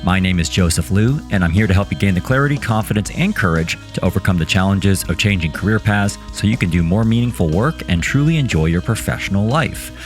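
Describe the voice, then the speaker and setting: A man hosting a career podcast, his voice sitting very low and his delivery polished and upbeat. Soft music plays faintly underneath. He moves from a scripted intro into easy interview questions. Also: lively intonation, brisk, hardly any pauses. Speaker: podcast host.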